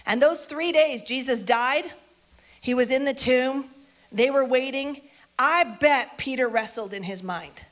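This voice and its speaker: A woman's voice: sits high, a little slow. A woman preacher retelling a Bible story in a casual, conversational sermon, repeating lines for emphasis.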